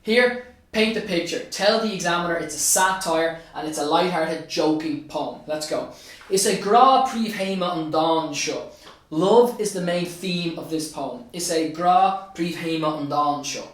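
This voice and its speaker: A man's voice: fairly high pitch, very echoey, distant mic. An Irish man, a teacher, walks students through an exam answer step by step, switching between Irish and English and repeating key phrases. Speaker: teacher and state examiner. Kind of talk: exam revision tutorial.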